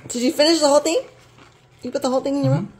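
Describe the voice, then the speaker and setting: A woman's voice: high-pitched, fairly even intonation, rapid-fire, heavy background noise. A woman hosting a casual home vlog, filming her husband and chatting with him and asking him questions from behind the camera. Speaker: channel host, wife filming.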